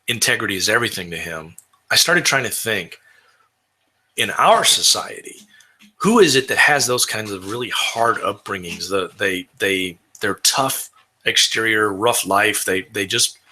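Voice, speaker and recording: A man's voice: fairly low pitch, bright, forceful tone. A man from Texas talking casually about building roleplaying characters, rambling with frequent restarts. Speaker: tabletop roleplayer.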